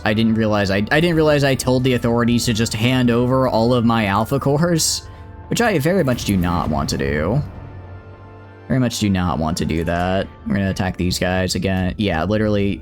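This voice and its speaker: A young man streaming a space strategy game, rambling chattily to his chat and his ships. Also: mid-range voice. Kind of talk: live gameplay commentary.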